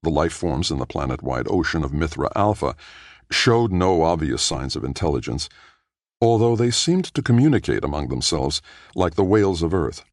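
A man narrating a science fiction audiobook in a measured, even storytelling manner. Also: extremely low pitch, no echo, studio quality. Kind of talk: scripted narration.

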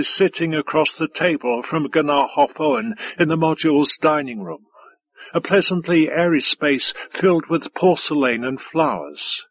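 Husky, higher-voiced male audiobook narrator. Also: fairly bright tone, muffled recording. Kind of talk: scripted narration.

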